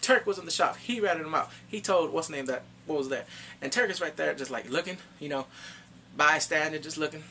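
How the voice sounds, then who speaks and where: A man casually reviewing a TV series in slangy, animated chat, laughing often. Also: on the high side, brisk, slight background noise. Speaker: show reviewer.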